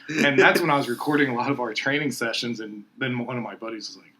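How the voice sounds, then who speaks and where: Bright-voiced man telling gym stories. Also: medium pitch, quick pace, a little hiss or hum. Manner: laughing storyteller, animated retelling of gym stories. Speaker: podcast host. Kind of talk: casual chat.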